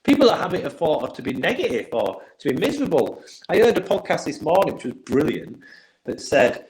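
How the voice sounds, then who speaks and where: Lively-voiced motivational coach man. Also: a little high, a little fast, rough recording. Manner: earnest, anecdotal, motivational. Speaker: mindset and performance coach, podcast guest. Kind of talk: casual podcast chat.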